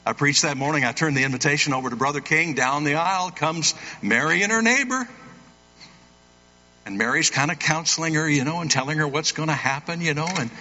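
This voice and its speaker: Animated preacher man in a roomy church. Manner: animated, acts out quoted voices with big pitch jumps. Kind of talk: sermon with storytelling. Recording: roomy hall, dull lo-fi sound.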